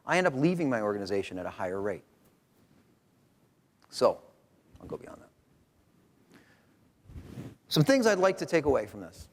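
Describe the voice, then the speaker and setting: Middle-aged professor, animated and wry, speaking at a conference in a reverberant hall. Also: male voice, medium pitch, normal speed, vocal fry, long pauses. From Rochester, New York. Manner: joking, animated, conversational lecturing. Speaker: professor presenting research. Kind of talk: conference talk.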